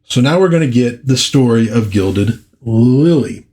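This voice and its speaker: A man's voice: medium pitch, animated, unhurried, warm tone, breathy edge. A man hosting a casual comic book commentary in a chatty, enthusiastic manner.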